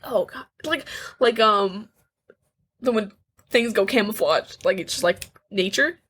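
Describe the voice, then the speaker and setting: An eighteen-year-old woman co-hosting a candid podcast, talking earnestly and haltingly, with frequent restarts and nervous little laughs. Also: medium pitch, a bit bright, slightly rough. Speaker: podcast co-host.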